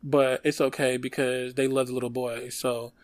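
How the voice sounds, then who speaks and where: A man's voice: mid-range voice, moderate pace, no echo. A man in his thirties from Detroit, telling rambling stories in casual chat with lots of fillers. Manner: animated storytelling, lots of fillers.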